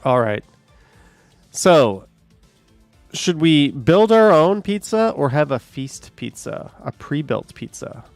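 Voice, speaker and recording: A man's voice: fairly high pitch, very animated, slow pace, dry recording, soft background music. A man live streaming, chatting casually with viewers, rambling and swearing at voice assistants when annoyed.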